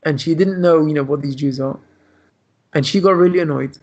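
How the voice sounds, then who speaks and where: A man's voice: on the high side, a little fast, a little mellow. A man, a rabbi, teaching a lesson by telling a story in a loose, run-on way over a video call. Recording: dull lo-fi video call audio.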